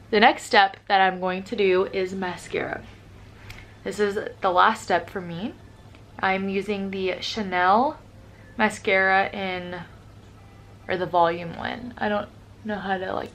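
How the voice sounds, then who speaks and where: A woman's voice: mid-range voice, vocal fry. A young woman, chatting casually through a makeup tutorial as a beauty vlogger, upbeat and full of "like". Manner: chatty, upbeat, says "like" often.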